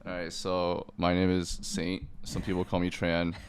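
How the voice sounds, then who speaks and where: A man with a very low voice chats as a podcast guest. He answers bluntly and matter-of-factly. The talk is casual and unhurried. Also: monotone, a little hiss or hum. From Hacienda Heights, California. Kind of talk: casual chat.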